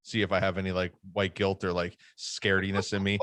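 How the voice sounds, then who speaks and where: A man's voice: low-pitched, monotone, a little fast, a bit bright, dry recording. A man co-hosting a casual podcast chat, ribbing his friend in a dry, teasing way. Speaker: podcast co-host.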